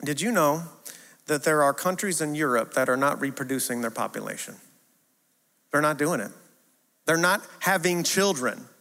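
A man in his thirties preaching a sermon, earnest and repetitive, moving from hushed tenderness to emphatic declarations. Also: fairly high pitch, animated, moderate pace, gravelly, pauses often. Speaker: pastor. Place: church sanctuary. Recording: long hall reverb.

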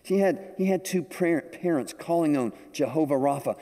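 Older guy preaching, telling stories, warm mellow tone, long reverb like a church. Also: on the high side, normal speed, hardly any pauses. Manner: storytelling, animated. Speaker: pastor. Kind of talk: sermon. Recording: echoey hall with long reverb.

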